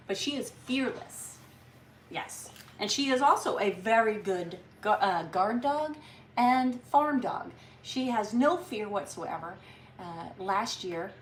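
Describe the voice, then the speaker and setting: A woman's voice: mid-range voice, recorded from a distance. A woman hosts a casual live stream, chatting in a rambling way with plenty of restarts. Her voice sounds roomy and comes from some way off the mic. A faint background hum runs underneath. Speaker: livestream host. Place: home on a farm.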